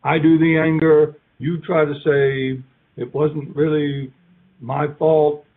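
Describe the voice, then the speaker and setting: A man giving an academic keynote lecture in a conversational, halting way, now and then acting out short quoted lines. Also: on the high side, flat delivery. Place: lecture hall. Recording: tinny phone-like sound.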